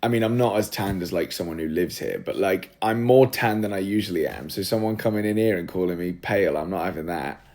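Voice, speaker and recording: Deep-voiced and a little mellow, this podcast host talks briskly with few pauses on a casual home livestream. He rambles in a scattered, chatty way, sorting things out as he goes and poking fun at himself.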